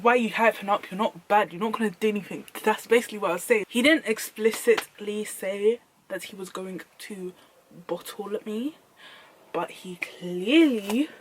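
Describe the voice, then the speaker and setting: A woman's voice: medium pitch, a little hiss or hum. A young woman telling a storytime vlog, slangy and emphatic, repeating lines for effect. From United Kingdom. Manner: animated, slangy, emphatic repetition. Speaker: vlogger.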